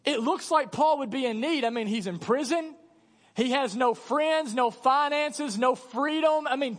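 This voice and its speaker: A man preaching a sermon as pastor, animated and conversational, acting out quick voices to make his point. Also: very high-pitched. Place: large church hall. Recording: church hall reverb.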